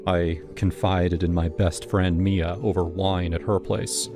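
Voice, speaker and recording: A man narrating a scripted first-person horror story in a steady, even manner. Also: on the low side, normal speed, hardly any pauses. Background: music.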